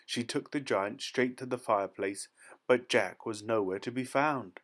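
A man reading a fairy tale aloud in a steady, expressive storytelling manner. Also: mid-range voice, normal speed.

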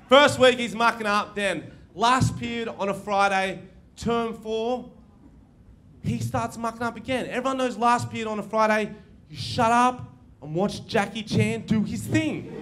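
A young man performs a crude stand-up set, his voice pitched high and brash. He laughs at his own jokes as he goes. The live recording carries clear audience noise underneath. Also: a bit bright. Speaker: stand-up comedian. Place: comedy venue before a live audience.

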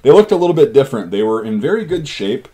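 A man's voice: mid-range voice, very animated, quick pace, mellow. A man hosting his channel, casually telling army stories in a rambling, profane way. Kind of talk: casual storytelling.

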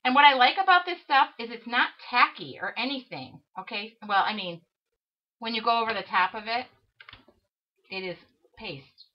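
A woman's voice: on the high side, lively intonation, moderate pace. Chatty woman demonstrating crafts, lo-fi. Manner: chatty, self-mocking, talks to herself while working. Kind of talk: live craft tutorial. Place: craft studio. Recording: dull lo-fi livestream audio with faint hiss.

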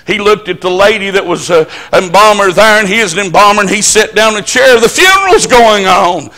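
A man's voice: sits high, expressive, a little fast, bright, forceful tone. A man preaching at a church service, telling stories in a folksy, emphatic country way. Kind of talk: storytelling sermon.

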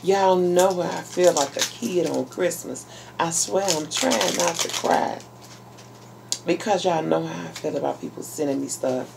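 A woman vlogger chatting casually while unboxing a package, talking excitedly to her viewers. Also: fairly low pitch, vocal fry, slight background noise. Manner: chatty and exclamatory, addressing viewers as y'all. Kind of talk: casual unboxing vlog chat.

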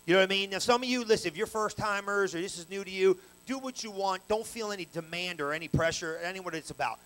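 High-voiced energetic man preaching. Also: fast talker, low-quality recording. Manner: colloquial, story-telling preaching with slang; energetic, rising to loud bursts. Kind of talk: sermon. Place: church service.

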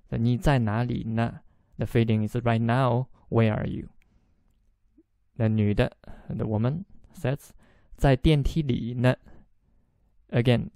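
A man's voice: medium pitch, vocal fry, dark tone, no room sound. A man whose first language is Chinese teaches a podcast language lesson, explaining patiently, repeating phrases and chuckling now and then.

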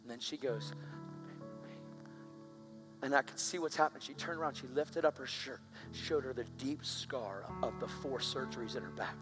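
A man's voice: mid-range voice, moderate pace, music in the background. A man preaching, telling a story with strong feeling and rising into fervent prayer. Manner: emotional, builds to fervent prayer. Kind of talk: storytelling sermon.

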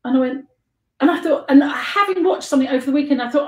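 A woman's voice: high-pitched, fast. An older woman with a London accent telling rambling anecdotes as a guest on a video call, chatty and giggly, jumping between tangents. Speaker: guest and life model. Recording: echoey room on a live stream.

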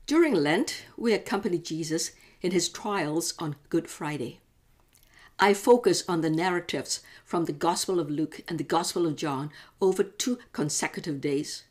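A woman hosting a daily devotional, reading scripture in a measured, clear way. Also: lowish voice, darkish tone. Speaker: devotional host.

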